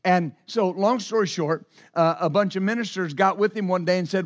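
A man preaching a sermon, telling stories in an animated way with sudden exclamations. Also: high voice, moderate pace, hardly any pauses. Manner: animated storytelling with bursts of exclamation. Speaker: pastor.

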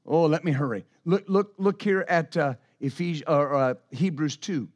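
A man preaching a sermon, telling stories in an animated way with sudden exclamations. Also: fairly high pitch, unhurried. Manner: animated storytelling with bursts of exclamation. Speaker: pastor.

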